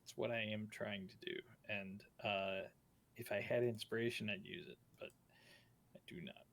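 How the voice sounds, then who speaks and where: A man playing a tabletop game, rambling casually and playfully, now and then dropping into quick in-character lines. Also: fairly low pitch, little pitch movement, a bit bright. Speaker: player.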